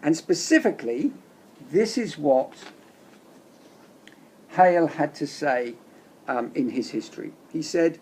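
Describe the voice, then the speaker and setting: A man giving a measured, emphatic lecture on case law, reading quotations aloud. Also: a little high, animated, a little mellow, husky. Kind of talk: explanatory lecture narration.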